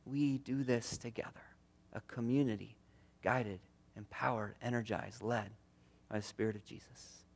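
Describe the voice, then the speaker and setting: A man preaching a sermon as pastor, earnest, moving between strong emphasis and hushed tender passages. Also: mid-range voice, fairly even intonation, moderate pace, creaky. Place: church.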